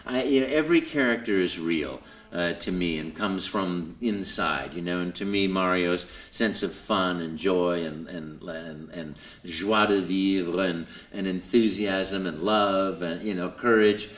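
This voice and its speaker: A man being interviewed at a convention, telling his story with lots of fillers and jumping into high put-on voices for quotes. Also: unhurried, hardly any pauses, fairly bright tone, echoey room. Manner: lots of fillers and repeated words. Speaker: voice actor guest. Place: convention hall.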